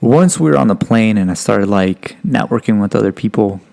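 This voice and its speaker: A young man from California speaks in a low, gravelly register. He tells his stories loosely and profanely, scattering "like" and "you know" everywhere, and slips into lively voices when he quotes other people. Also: normal speed. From Stockton, California, USA. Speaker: guest. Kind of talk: casual podcast storytelling.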